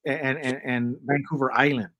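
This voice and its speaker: A man in his fifties hosting a casual livestream chat, rambling and joking in a loose, animated way. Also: medium pitch, normal speed, low-quality recording. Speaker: host.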